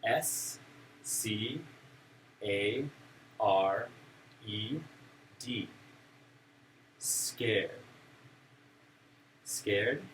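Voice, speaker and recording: Recorded from a distance amid room noise, a male teacher plays with emotions to encourage a class of small children learning simple English. He speaks on the low side, very slowly, pausing often, with a somewhat bright tone.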